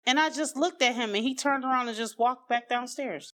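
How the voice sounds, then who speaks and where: A woman's voice: fairly high pitch, a little fast, few pauses, fairly bright tone. Candid woman telling her own story. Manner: candid, loose and conversational, many "you know" and "like" fillers. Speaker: person sharing her own life story. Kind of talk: personal storytelling, unscripted.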